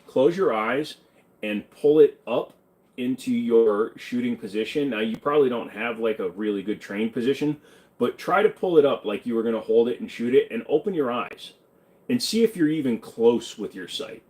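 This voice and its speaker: A man's voice: mid-range voice, animated, normal speed, darkish tone. A man hosting a live question-and-answer stream, talking in a loose, rambling way and swearing freely. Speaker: livestream host answering chat questions. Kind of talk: casual livestream Q&A.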